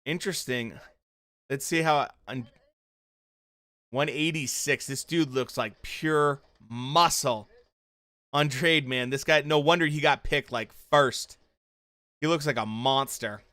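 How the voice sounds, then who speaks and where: Bright, crisp-voiced man chatting on stream. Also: medium pitch, takes it slowly, long pauses, no room sound. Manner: chatty, reacts to chat and the show with loose fan talk. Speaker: streamer hosting a watchalong. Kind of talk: casual livestream commentary.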